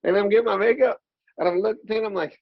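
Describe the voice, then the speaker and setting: A middle-aged man, an actor guest, telling lively anecdotes and acting out the people in them. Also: sits high, fast, gravelly, no room sound. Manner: lively storyteller who acts out the people in his stories. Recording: dry, slightly dull recording.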